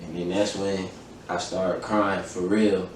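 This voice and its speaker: A slow, low voice with little variation in pitch comes from a young man hosting a podcast. Cursing heavily and stressing his points, he recounts personal events and performs the conversations. The sound is distant and very echoey, with a faint background noise.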